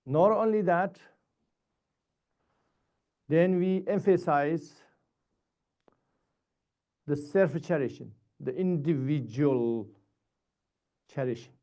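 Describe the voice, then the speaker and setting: A man giving a Buddhist dharma teaching in short, halting, repetitive phrases. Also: on the high side, dark tone.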